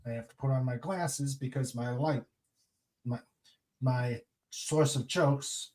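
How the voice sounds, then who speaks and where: Slow-talking man hosting a stream. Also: medium pitch, fairly even intonation, darkish tone. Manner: unhurried, chatty, laughs at jokes. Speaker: livestream host. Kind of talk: casual chat, reading viewer comments aloud.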